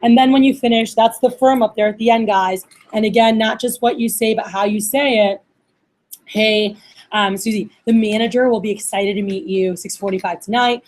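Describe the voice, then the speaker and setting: A woman's voice: on the high side, steady tone, moderate pace, a little mellow. A young woman running a receptionist training workshop, talking casually with lots of fillers and acting out phone calls. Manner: casual, chatty, many fillers like "like" and "uh".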